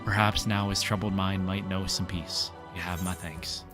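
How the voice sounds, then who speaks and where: A man's voice: low-pitched, level tone, normal speed, over loud music, lightly acted. A man reading a relieved villager's lines from a game, putting on an accent for fun. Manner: put-on accent, old-fashioned phrasing.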